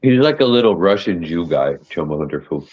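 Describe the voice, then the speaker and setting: Deep-voiced laid-back guy, lo-fi mic. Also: very animated, a little fast. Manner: laid-back, short replies, says dude a lot. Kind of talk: casual chat.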